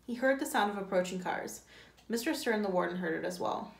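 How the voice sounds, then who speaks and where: A woman's voice: mid-range voice, fast, creaky. A woman, a teacher, reading a novel aloud, with occasional slips and self-corrections. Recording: echoey room.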